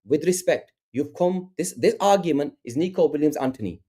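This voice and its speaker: A man's voice: fairly high pitch, normal speed, a little hiss or hum. A man arguing heatedly about football on a fan podcast, repeating himself and pushing to finish his point. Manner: animated, argumentative, repeats himself, talks over others. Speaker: podcast panelist.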